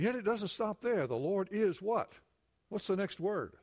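A man with a fairly high voice preaches a sermon in church. He puts questions to his listeners and often sinks to a soft, close emphasis to drive a point home. His voice carries above the usual pitch for a man. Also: sing-song, unhurried. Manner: questions to the congregation, drops to soft intimate emphasis. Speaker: pastor.

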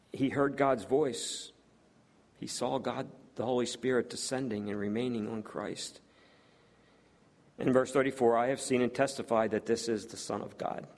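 A man preaches to a congregation in a voice of ordinary pitch. He reads scripture passages aloud between his own remarks. He often puts rhetorical questions to his listeners. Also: gravelly, a little mellow. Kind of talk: sermon.

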